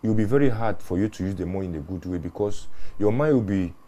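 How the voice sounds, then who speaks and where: A man, a mortuary worker telling his experiences in an interview, earnest and animated, often repeating words and restarting phrases. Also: fairly low pitch, fast talker. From Ghana. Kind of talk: interview storytelling.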